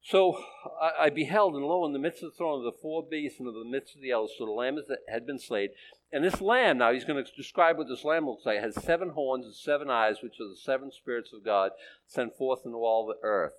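A man's voice: mid-range voice, animated, brisk, a little hiss or hum, rough recording. A male pastor preaching a conversational sermon, often checking in with his listeners.

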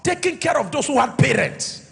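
A middle-aged Nigerian man preaching a sermon as pastor, calling for responses and swinging between shouts and quiet asides. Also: extremely high pitch, sing-song, normal speed, gravelly, big-room sound. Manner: preaching with call-and-response, sudden shouts then soft asides.

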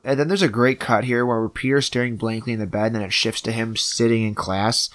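Guy on a podcast walking through a movie scene by scene, does little voices for the characters, mid pitch, dry close sound. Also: a little fast, dry recording. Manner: animated retelling, acting out characters' lines. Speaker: podcast co-host. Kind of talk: casual film recap chat.

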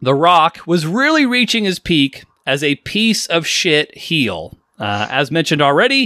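Lively, bright-voiced male podcast host. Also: no echo, clean studio sound. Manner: jokey, chatty, bursts into silly high voices. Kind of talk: casual podcast chat.

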